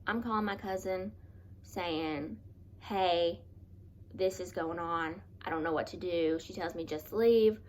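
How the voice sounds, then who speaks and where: Woman vlogger doing a storytime, earnest and kinda halting, keeps restarting, bit of faint noise behind. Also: lowish voice. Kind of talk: personal storytime vlog.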